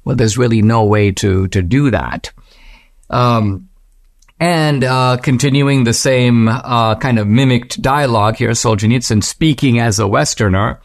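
A male podcast host talks through history in a measured, reflective commentary, slowing down to stress key phrases. His voice sits at an ordinary middle pitch. The sound is dry and close, with no room echo. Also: animated, creaky. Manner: measured, reflective delivery with slow emphatic phrases; mimics a Western voice when reading quotes, rising high. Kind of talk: commentary reading quoted passages.

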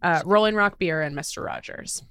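A woman's voice: lowish voice, moderate pace, fairly bright tone, smooth. A woman hosting a podcast in casual chat, talkative, laughing easily and swearing casually. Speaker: podcast host.

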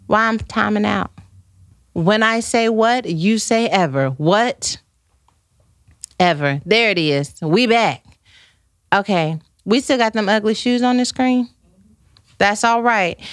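Casting: middle-aged woman host, animated storyteller who laughs a lot, mid-pitch, dry close sound. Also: dry recording. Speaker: live-stream host reading viewer comments. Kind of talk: casual chat.

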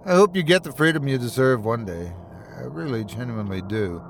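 A man voicing a remorseful, worn-out man chained to a companion, speaking low and subdued. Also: lively intonation, fairly quick, slight background noise, close to an everyday voice. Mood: resigned.

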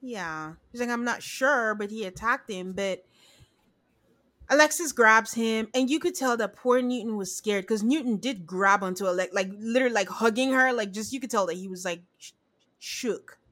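A woman's voice: fairly high pitch, moderate pace, a bit bright. A woman chatting casually as a podcast co-host, animatedly retelling scenes and acting out the quotes. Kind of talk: casual recap chat.

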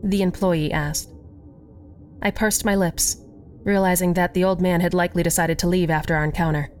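A woman narrating a first-person horror story in an expressive, scripted reading. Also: fairly low pitch, moderate pace, faint music behind.

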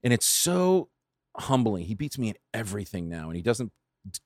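A man's voice: fairly low pitch, big pitch swings, normal speed, dry recording, studio quality. A man in his forties from California, a guest telling stories in a casual podcast chat, self-mocking and swearing often. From United States. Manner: profane, self-mocking storyteller. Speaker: guest, film producer.

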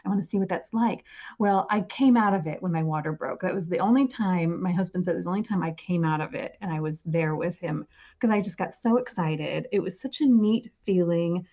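A woman's voice: lowish voice, a little fast, lo-fi sound. Laughing woman in her forties. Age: 40s. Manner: animated, laughs often while telling a birth story. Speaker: podcast guest. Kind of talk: casual storytelling.

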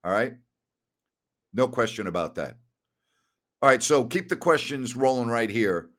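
A man's voice: medium pitch, animated, unhurried, fairly bright tone. Older guy doing sports talk radio solo, fired-up rhetorical questions, reads listener questions, mid-range voice. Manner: emphatic, rhetorical questions, ranting.

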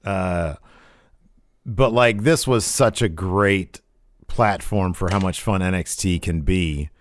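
A man's voice: low-pitched, takes it slowly, a little hiss or hum. A man co-hosting a casual livestream, chatting about wrestling with eager, rambling talk full of restarts. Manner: enthusiastic, rambling with restarts and frequent agreement sounds. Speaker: co-host.

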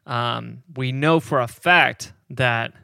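A man's voice: medium pitch, takes it slowly, creaky, sharp tone, clear, resonant tone, dry recording, studio quality. A man co-hosting a podcast, telling history in casual rambling chat, laughing often and hedging on figures. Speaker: podcast co-host.

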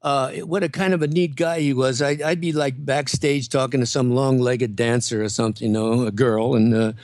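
An older man, a comedian guest, telling show-business stories in a relaxed interview, with lots of restarts and laughter. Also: mid-range voice, normal speed, no echo, clean studio sound. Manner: animated storyteller, full of restarts and laughter. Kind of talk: casual interview storytelling.

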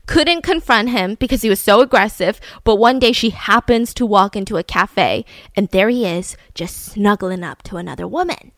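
A woman hosting a casual chat, retelling a story with animated quoted voices and laughs. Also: fairly high pitch, moderate pace, few pauses, dry recording. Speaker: host.

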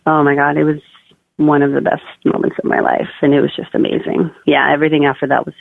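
Chatty young woman, gravelly, tinny line. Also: low-pitched, completely flat delivery, fast, dry recording. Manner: chatty, frequent fillers like "like" and "oh my God". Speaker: podcast guest. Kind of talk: casual birth-story interview. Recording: dry tinny phone-like line.

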